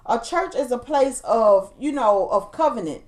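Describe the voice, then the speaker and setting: A woman chats on a podcast in a fairly high voice. She talks earnestly, almost like she's preaching, and tells stories by quoting the people in them. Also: expressive, measured pace. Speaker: podcast co-host. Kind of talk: casual chat, storytelling.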